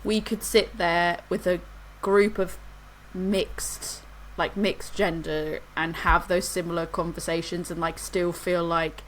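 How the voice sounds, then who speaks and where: A woman's voice: lowish voice, flat delivery, slow pace, hardly any pauses, slight background noise, poor audio. Chatty woman telling a story. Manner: rambling storyteller, laughs through anecdotes. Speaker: podcast co-host. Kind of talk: casual chat.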